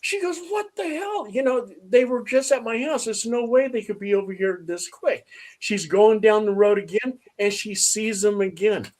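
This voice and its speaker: Hosting a casual chat, a man with a high-sitting voice tells a story at a moderate pace, animatedly performing the voices of its characters.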